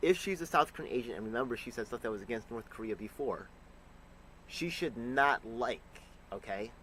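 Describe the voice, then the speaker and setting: A man's voice: medium pitch, expressive, normal speed, poor audio. Ranting, foul-mouthed man with faint background noise. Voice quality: loud, profane, ranting with sudden bursts. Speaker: commentator reacting to news clips. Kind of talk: profane reaction commentary.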